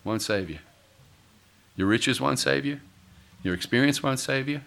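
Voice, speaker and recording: Dramatic male pastor with a bright voice. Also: medium pitch, unhurried, creaky. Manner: dramatic, acts out quoted voices, rises to shouting peaks. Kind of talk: sermon.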